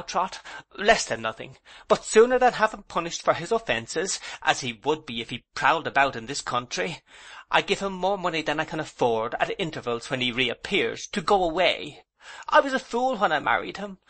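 A man's voice: fairly high pitch, pushed and bright, voice pushed up. A man reading an audiobook, voicing a proud older aunt who is indignant and emotional. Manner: emotional, reproachful, then composed and rueful. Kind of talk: audiobook character voice.

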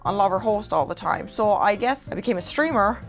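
A woman's voice: mid-range voice, expressive, brisk, soft background music. A woman with an Irish accent, a streamer being interviewed, teasing and blunt in casual chat. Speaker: streamer guest.

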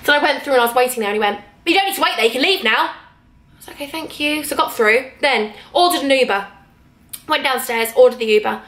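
A young woman telling a story in an animated, chatty vlog, acting out each side of the conversation from her hotel room. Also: high voice, quick pace, echoey room. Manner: animated, acts out both sides of conversations. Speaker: vlogger.

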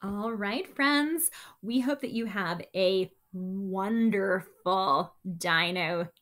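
A woman reading a picture book aloud to children, with expressive, chatty asides to her young listeners. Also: medium pitch, very slow. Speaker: story time reader.

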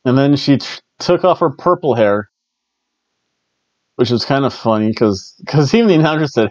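A man's voice: mid-range voice, animated, normal speed, pauses often, darkish tone, no echo, lo-fi sound. A man hosting a casual solo wrestling review, chatty and rambling, often stumbling and restarting his words. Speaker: wrestling show reviewer, host.

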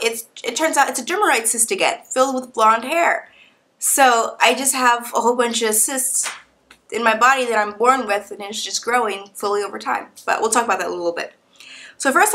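A young woman vlogging casually, telling a story in a slangy, playful way and acting out what others said. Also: on the high side. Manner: animated, acts out quotes of doctors and nurses.

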